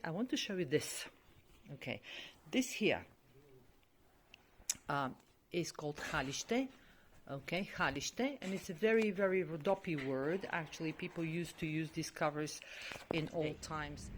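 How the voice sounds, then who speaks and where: A woman's voice: deep voice, animated, unhurried, pauses often, a little hiss or hum. A woman, a language teacher explaining words in a casual vlog, chatty and full of "okay" and "um".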